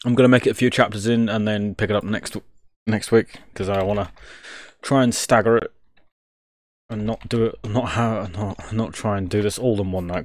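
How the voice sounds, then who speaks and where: Low-voiced jokey man streaming live. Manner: jokey, swears freely, thinks aloud. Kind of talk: casual live-stream commentary.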